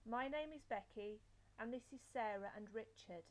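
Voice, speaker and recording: A young woman reading phrases aloud and repeating each one with its translation, as a language learner practicing her basics. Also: on the high side. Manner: slow, careful drill of phrase pairs.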